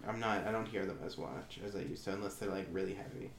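A man's voice: sits low, fairly even intonation, fast, gravelly. A man chatting casually as a podcast host, rambling with many restarts and hesitations. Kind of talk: casual chat. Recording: echoey room with faint noise.

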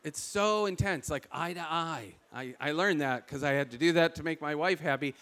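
Animated high-voiced man preaching. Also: moderate pace. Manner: animated, self-deprecating humor, many "like" fillers. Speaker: speaker sharing testimony. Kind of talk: casual preaching testimony.

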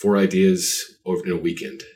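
A man's voice: low voice, little pitch movement, moderate pace, darkish tone, far from the mic. A man being interviewed about his art, telling stories in a rambling, self-deprecating way with lots of fillers. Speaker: artist guest. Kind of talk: casual interview chat.

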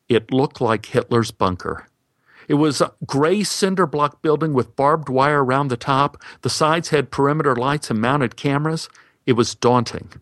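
A man telling a comic story about his own life in a dry, deadpan, wry way. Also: medium pitch, dry recording. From United States.

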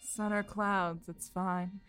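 Woman game master, giggly, bright, over faint violin. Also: mid-range voice, level tone, takes it slowly, faint music behind. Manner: giggly, loose, swears freely. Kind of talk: narrating a tabletop game.

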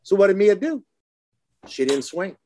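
Brief: high-pitched male host, animated storyteller, dry close sound. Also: moderate pace, no echo. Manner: animated, acts out quotes in lively higher voices. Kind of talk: casual storytelling chat.

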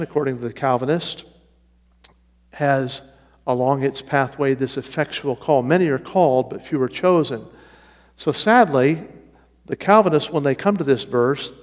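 A man leading an evening Bible study, teaching methodically and repeating key phrases for emphasis. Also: medium pitch. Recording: reverberant hall sound.

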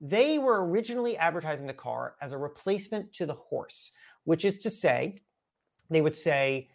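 A man's voice: a little high, animated, normal speed, creaky. A man, a guest author, telling a story in a casual chat with lots of energy, repeating and restarting words.

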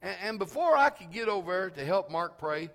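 A pastor preaching a sermon, telling a story that swells into shouted calls to the congregation. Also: male voice, high-pitched, big pitch swings, brisk, gravelly, big-room sound, faint music behind. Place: church sanctuary.

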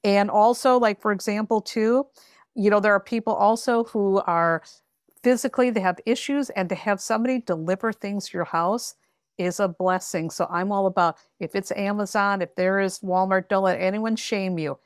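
A woman's voice: medium pitch, fairly even intonation, moderate pace, clean tone, no room sound. Blunt woman guest, emphatic and candid, dry close recording. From rural area. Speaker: tarot reader guest. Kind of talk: candid advice in a podcast conversation.

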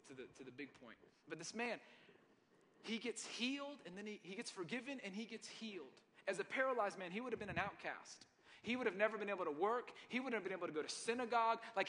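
A man's voice: high voice, bright, forceful tone, slight background noise. A man preaching a sermon as a pastor, in a humorous, conversational storytelling manner. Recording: long hall reverb.

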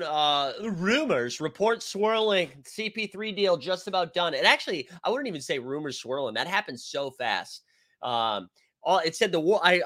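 A man's voice: high voice, pushed and bright. A man hosting a casual live-stream sports show, rambling and joking as he reads viewer comments aloud. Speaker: sports show host reading live chat.

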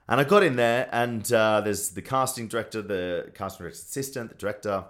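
A deep-voiced Australian man in his thirties chats as a podcast guest. He tells his stories in an animated, self-deprecating way, full of fillers and asides. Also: fast, few pauses. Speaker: TV host and sportscaster, podcast guest. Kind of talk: casual interview chat.

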